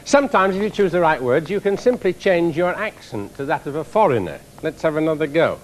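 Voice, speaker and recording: A man, an engineering professor, giving a televised science lecture to a live audience in a lecture theatre, explaining with lively demonstrations. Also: fairly high pitch, fairly quick, slight background noise.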